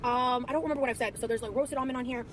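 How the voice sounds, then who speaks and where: Young woman, vlog clip, quick and chatty, slightly high, tired, noisy background. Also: fairly even intonation. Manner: chatty, rambling, lots of fillers. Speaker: vlogger. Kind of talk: casual vlog chat. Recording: vlog audio with clear background noise.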